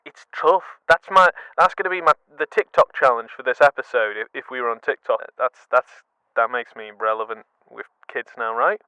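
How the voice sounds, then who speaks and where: A man's voice: medium pitch, moderate pace, smooth. A man giving casual comic commentary, stumbling over words and poking fun at himself. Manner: stumbling, animated, self-deprecating. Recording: dull dry lo-fi sound.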